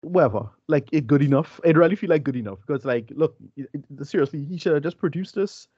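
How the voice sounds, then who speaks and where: A man's voice: fairly high pitch, fast talker, darkish tone, slightly rough, no room sound, lo-fi sound. A man co-hosting a podcast film review in casual chat, blunt and dismissive, often saying "like, look" and "whatever".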